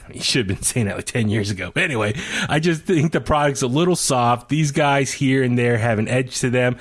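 A man's voice: medium pitch, brisk. A man hosting a casual wrestling talk podcast, rambling with many fillers and restarts and laughing often. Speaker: podcast host. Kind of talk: casual chat.

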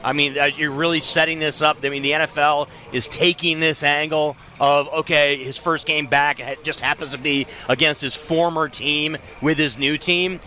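A man's voice: a little high, fairly even intonation, moderate pace, few pauses, sharp tone. A man co-hosting a live talk show outdoors, offhand and teasing. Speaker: co-host. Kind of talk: casual live broadcast chat. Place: outdoor pool at a Las Vegas club.

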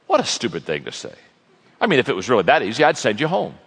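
A man's voice: mid-range voice, wildly swooping pitch, fast talker, fairly bright tone, breathy edge. A man preaching a sermon in a folksy, joking storytelling manner to a large audience. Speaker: pastor, guest speaker. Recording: long reverb of a large hall.

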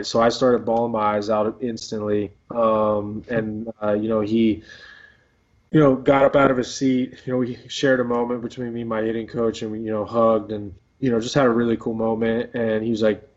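Young male ballplayer guest, easygoing storyteller, even low delivery, muffled recording. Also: a little fast. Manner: rambling, filler-heavy, laid-back. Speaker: professional baseball player guest. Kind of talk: casual storytelling interview. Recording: dull lo-fi audio.

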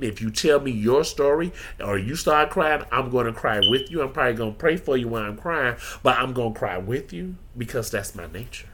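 A man's voice: medium pitch, pushed and bright. A man hosting a podcast, talking earnestly and openly about his feelings in a preacher-like personal monologue. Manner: earnest, preacher-like, emotionally open. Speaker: podcast host.

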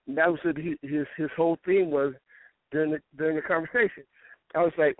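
A man's voice: fairly high pitch, normal speed, dry recording. A male fitness coach hosting a casual podcast talk. He rambles, restarts his words and tells stories with quoted back-and-forth. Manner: rambling, repeats words when starting sentences. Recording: tinny phone-line audio, dry.

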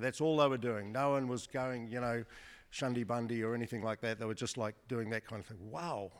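A man's voice: medium pitch, steady tone, fairly quick. A man giving a storytelling sermon testimony to a congregation, chatty and joking, with many restarts. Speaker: guest preacher. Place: church service before a congregation. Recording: long church hall reverb.

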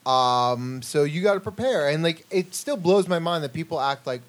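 A man's voice: fairly high pitch, expressive, normal speed. A man in a casual chat, talking bluntly and crudely.

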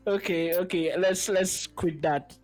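A man's voice: high voice, steady tone, slow pace, a little mellow, dry recording, soft background music, low-quality recording. A man hosting a podcast over a call, talking casually and giving his opinions with many restarts. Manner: laid-back, opinionated, frequent restarts. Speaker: podcast host. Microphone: remote call.

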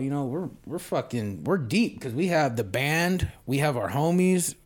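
A man's voice: a little high, animated, moderate pace. Laid-back man telling a profane story. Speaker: podcast guest, former band member. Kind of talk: casual storytelling.

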